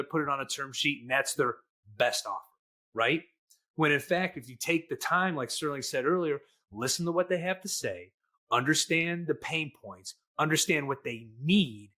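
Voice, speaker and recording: A man's voice: a little high, bright, forceful tone. A middle-aged man with a Midwestern accent, co-hosting a casual podcast chat in a jokey, folksy storytelling way. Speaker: podcast co-host, lender.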